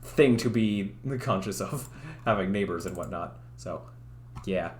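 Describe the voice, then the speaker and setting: A man's voice: deep voice, measured pace, slight background noise. A man streaming late at night, chatting casually and self-deprecatingly with many fillers, keeping his voice down. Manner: talks quietly at night. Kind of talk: casual livestream chat.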